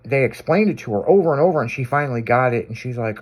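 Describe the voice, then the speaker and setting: A man's voice: medium pitch, lively intonation, fast, hardly any pauses. A man hosting a radio show, telling stories in casual banter with crude language and frequent laughter.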